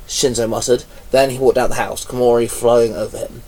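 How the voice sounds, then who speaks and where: A man's voice: mid-range voice, little pitch movement, brisk, few pauses, warm tone, far from the mic, rough recording. A man reading a fan-written story aloud, giving the characters barely any voice of their own. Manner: reads plainly, barely changes voice for characters. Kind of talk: amateur read-aloud narration.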